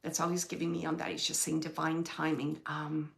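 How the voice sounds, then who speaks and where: A woman working as a medium, relaying messages in a soft, halting way that sometimes drops to a whisper. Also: deep voice, monotone, gravelly. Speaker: medium giving readings. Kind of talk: live mediumship reading.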